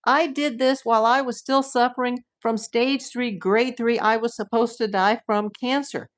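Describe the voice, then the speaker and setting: A woman's voice: on the high side, fairly even intonation, moderate pace. A woman hosting her own livestream, talking casually and bluntly, acting out what her commenters say and laughing easily between points. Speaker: livestream host.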